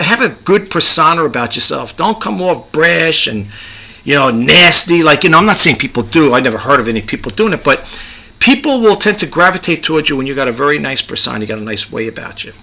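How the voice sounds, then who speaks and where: A man's voice: fairly high pitch, gravelly, sharp tone. A middle-aged man with a New York accent, giving chatty, rambling advice as a YouTube creator and often repeating himself. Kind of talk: casual advice monologue.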